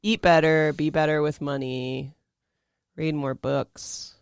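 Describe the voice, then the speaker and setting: A woman's voice: low voice, fairly even intonation, slow, clean tone, no echo, studio quality. A woman hosting a podcast in casual chat, playful and bubbly with a sing-song delivery. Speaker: podcast host.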